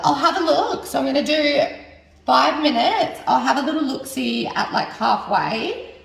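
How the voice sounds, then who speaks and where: A woman's voice: fairly high pitch, vocal fry. A young woman making a cooking vlog, chatting and thinking aloud as she cooks and swearing when things go wrong. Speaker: cooking vlogger. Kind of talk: casual cooking chat. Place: home kitchen. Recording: echoey kitchen, mic at a distance.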